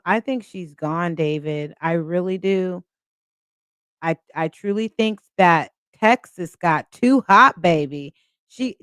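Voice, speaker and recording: A woman's voice: mid-range voice, fairly bright tone, smooth, no echo, studio quality. A woman hosting a casual live stream, chatting and reading viewer comments aloud.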